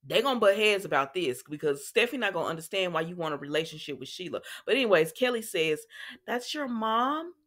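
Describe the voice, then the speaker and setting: A woman hosting a soap opera recap, retelling scenes in a chatty, animated way with asides to her viewers. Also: sits low, fast talker, few pauses. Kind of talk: casual chat.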